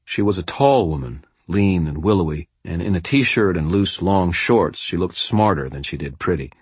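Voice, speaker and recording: A man's voice: deep voice, expressive, normal speed, slightly rough, dry recording. A man narrating a first-person audiobook in a tense, gritty storytelling manner.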